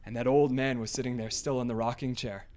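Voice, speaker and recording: A man telling a folk tale aloud, animated, swinging from loud bursts to hushes, with sound effects. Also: medium pitch, brisk, dry recording. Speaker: storyteller.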